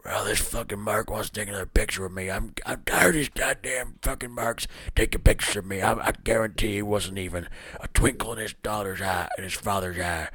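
A grizzled old wrestler mutters low and breathy, almost whispering, as a man puts him on. He grumbles and swears, sounding tired and fed up. The delivery is crude and dry. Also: fairly quick, fairly bright tone, no room sound. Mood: grumbling. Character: impression of a grizzled, grumbling older male wrestler.

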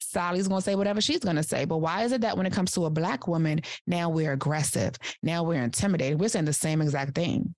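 A woman life coach giving casual podcast advice in a direct, animated way, acting out little examples as she talks. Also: on the low side, fast talker, few pauses, dry recording, studio quality. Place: studio couch.

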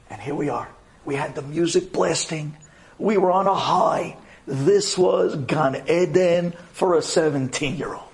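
A middle-aged man from New York tells a personal story to a room of women. His voice sits high and leaps about, with dramatic swings for emphasis. He acts out the dialogue as he goes. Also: darkish tone. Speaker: speaker addressing an audience of women.

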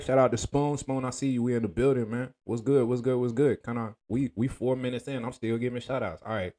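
A man hosting a casual livestream, talking in a laid-back, slangy way and greeting viewers by name with shout-outs. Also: mid-range voice, fairly even intonation, a little fast, hardly any pauses. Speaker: livestream host.

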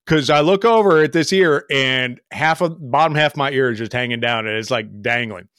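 A man's voice: medium pitch, brisk, clear, resonant tone, dry recording, clean studio sound. A middle-aged man telling flying stories in a casual podcast chat, acting out the voices of the people in them. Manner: animated, acts out quoted voices. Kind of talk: casual storytelling.

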